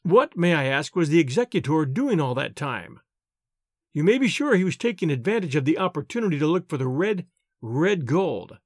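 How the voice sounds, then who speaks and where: A man voicing a dry, mocking male friend at supper in a story reading, in a lively voice. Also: a little high, moderate pace, no room sound.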